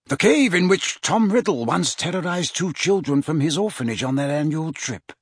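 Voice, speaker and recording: A man voicing a wise elderly male wizard headmaster, speaking in a calm, measured, deliberate way in an audiobook reading. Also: a little high, breathy edge, dry recording, studio quality, pitched above the performer's own voice. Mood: grave.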